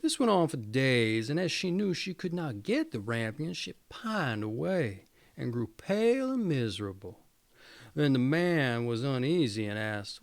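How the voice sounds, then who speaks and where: Gravelly, expressive male storyteller. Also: mid-range voice, a little slow. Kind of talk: fairy tale reading.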